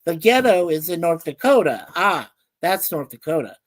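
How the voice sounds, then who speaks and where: A woman's voice: on the low side, sing-song, normal speed, dry recording. Woman, casual livestream co-host, frequent laughter, reads viewer comments aloud. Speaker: livestream co-host reading chat. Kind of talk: casual chat.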